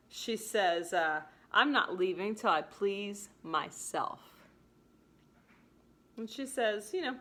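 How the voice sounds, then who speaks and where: A woman teacher giving a casual lesson, chatty and animated as she paraphrases the scenes in everyday language. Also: medium pitch, slow pace.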